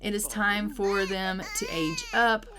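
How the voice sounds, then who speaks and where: A woman's voice: mid-range voice, takes it slowly, crowd noise. A young adult woman narrating her life-sim gameplay in a chatty, storytelling way as a gaming creator.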